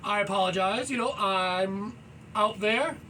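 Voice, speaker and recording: A man with a very high, bright voice talks loudly and energetically, rambling through casual motivational thoughts while he stretches and moves around at home. He leans on "you know" constantly. He sits well away from the mic, with faint noise behind him. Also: a little slow, distant mic, rough recording. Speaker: fitness vlogger. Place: indoors at home, low ceiling.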